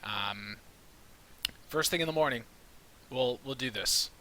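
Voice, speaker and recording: A man's voice: medium pitch, measured pace, sharp tone, a little hiss or hum. A man voicing a drunk, careless adventurer who mumbles and trails off. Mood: sheepish.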